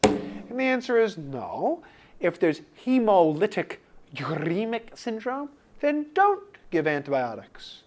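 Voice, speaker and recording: A man's voice: high voice, takes it slowly, slight background noise. Guy teaching med exam prep, bouncy voice, acts out student questions himself. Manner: animated, acts out imagined student replies. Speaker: medical exam lecturer. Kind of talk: recorded board review lecture.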